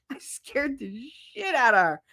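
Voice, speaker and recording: A woman's voice: high-pitched, very animated, slow pace, pushed and bright, dry recording, studio quality. Blunt, swearing woman on a stream. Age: adult with a son. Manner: blunt, swears often, laughs a lot. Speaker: streamer and podcast host. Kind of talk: casual chat with live chat. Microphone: desk mic on a standing arm.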